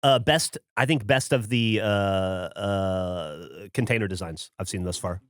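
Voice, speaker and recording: A man's voice: low-pitched, a little slow, dry recording, studio quality. A man co-hosting a podcast, joking bluntly in a casual chat. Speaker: podcast co-host. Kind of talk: casual chat, taste test.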